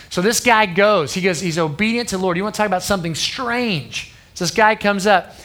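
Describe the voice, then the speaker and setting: A man in his thirties gives a sermon to a youth group, his voice sitting a little high. He speaks earnestly and conversationally, often pausing to check in with the crowd. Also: lively intonation, a bit bright. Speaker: youth pastor.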